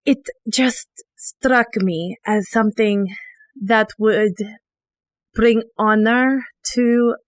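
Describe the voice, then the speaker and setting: A woman voicing a grieving adventurer with a put-on accent, speaking in character with halting, emotional pauses. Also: a little high, steady tone, dry recording. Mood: somber, grieving. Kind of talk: in-character monologue in a tabletop game.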